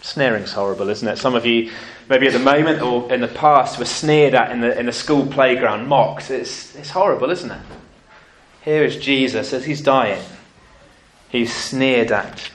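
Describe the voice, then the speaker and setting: Male preacher, mid-pitched voice, lively storytelling, acts out quotes. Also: normal speed. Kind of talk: sermon.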